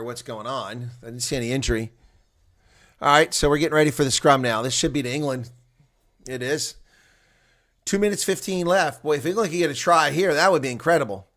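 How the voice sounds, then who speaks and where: A man commenting on a rugby match live by himself, mixing play-by-play with casual color talk. His voice sits at an ordinary middle pitch, and he swings between loud excited outbursts and quiet muttered remarks. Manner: chatty, excitable, jumps to loud outbursts then mutters asides.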